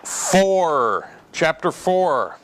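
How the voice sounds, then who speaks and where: A man's voice: fairly high pitch, big pitch swings, extremely slow, a bit bright, a little hiss or hum. A man lecturing an evening electronics class in a classroom, talking conversationally, repeating key terms and putting questions to his students.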